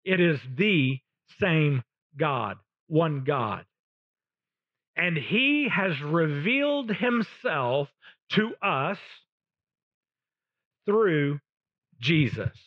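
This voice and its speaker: A man with a fairly high voice preaches a sermon at an unhurried pace, pressing each short phrase with long pauses between them. The recording is dull and lo-fi, with a dry sound. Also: sing-song, dry recording. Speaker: pastor.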